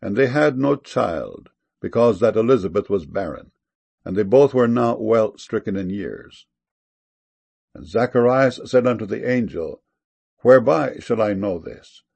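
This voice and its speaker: A man giving a solemn, measured scripture reading with a gravelly, husky voice. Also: on the low side, lively intonation, a little mellow. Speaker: scripture reader.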